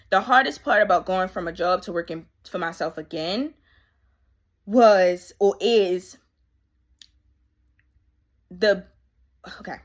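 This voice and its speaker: A woman life coach speaking casually and emphatically to viewers, repeating key phrases and drawing on her faith. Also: mid-range voice. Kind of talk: candid motivational monologue.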